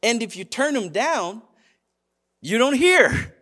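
A high-voiced man preaching to a congregation. He talks in a loose, conversational way, with animated stretches and sudden quiet, gentle asides. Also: slow. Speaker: pastor. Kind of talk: sermon.

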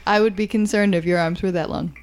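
A woman's voice: medium pitch, fairly even intonation, a little fast, a little hiss or hum. Playful woman joking on a podcast. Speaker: podcast co-host. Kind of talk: casual chat, whiskey tasting. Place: small dim podcast room.

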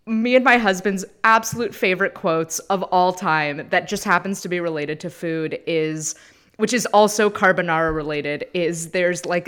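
A woman in her thirties chatting casually as a podcast guest, animated and rambling, laughing often. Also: fairly low pitch, clear, resonant tone. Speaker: guest, food anthropologist and TV host.

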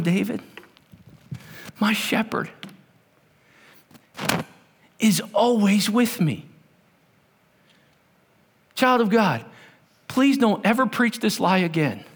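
High-voiced preaching man, hall reverb. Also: expressive, takes it slowly, long pauses, husky. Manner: storytelling, swinging from loud to hushed. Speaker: pastor. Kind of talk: sermon.

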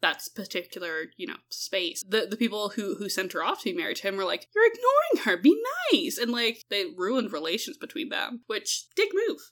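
A woman's voice: medium pitch, animated, a little fast, hardly any pauses, fairly bright tone. A tired woman co-hosting a casual history podcast, laughing often, swearing and acting out quotes. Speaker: podcast co-host.

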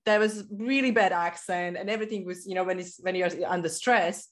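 This is a woman who is not a native English speaker, a guest in a casual chat. She is animated and laughs often. She sometimes searches for the right word. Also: lowish voice, fairly quick.

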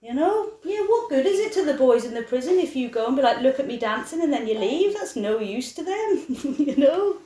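A woman's voice: sits high, big pitch swings, moderate pace, hardly any pauses, dark tone. A woman choreographer talking candidly in an interview, telling stories and acting out quoted voices. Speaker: choreographer and dancer. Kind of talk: casual interview talk. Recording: echoey room.

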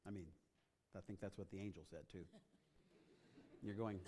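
With a deep voice, fairly even intonation, and moderate pace, a man preaches a sermon in a church auditorium, turning dramatic and rising to loud, emphatic passages. The large hall's long reverb is joined by a little hiss or hum.

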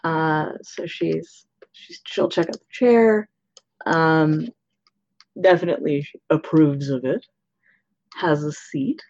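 A woman's voice: low-pitched, takes it slowly, a little mellow. A woman player in a tabletop game, talking half-whispered and hesitantly. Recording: dull lo-fi mic.

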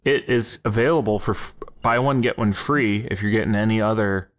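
A man hosting a casual podcast, steering topics and recapping news in a measured way. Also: fairly low pitch. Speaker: podcast host. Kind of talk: casual chat.

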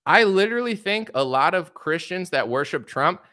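A man's voice: high voice, normal speed, no echo, clean studio sound. A young man giving political commentary on a livestream, ranting with sarcasm and mockery. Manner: sarcastic, mocking, animated ranting.

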